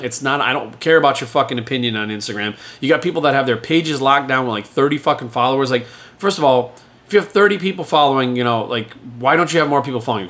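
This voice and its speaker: A man's voice: mid-range voice, fairly bright tone. A man in his forties, a fitness trainer, ranting bluntly and profanely in an unscripted talk to camera. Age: 40s.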